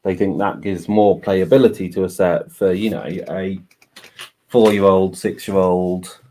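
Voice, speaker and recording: This man's low, mellow voice stays fairly even and unhurried as he co-hosts a home livestream with faint background noise. He builds while chatting casually and gives long explanations full of "you know."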